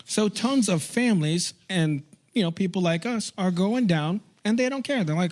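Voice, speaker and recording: A man's voice: sits high, animated, a little mellow. Man reading notes on a live show. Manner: reads notes in a quick listing way, then breaks into laughing asides. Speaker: podcast host. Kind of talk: live comedy podcast, reading news notes.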